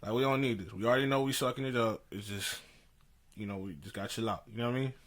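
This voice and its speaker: A man's voice: mid-range voice, quick pace. A young man co-hosting a podcast, telling a story in casual slangy chat and laughing as he goes. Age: young adult. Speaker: podcast co-host. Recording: poor audio.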